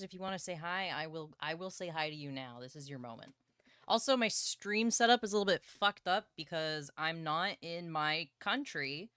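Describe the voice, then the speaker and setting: A young woman livestreaming from her partner's home setup, chatting excitedly and playfully about books and swearing casually. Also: on the low side, clean tone, no echo, clean studio sound.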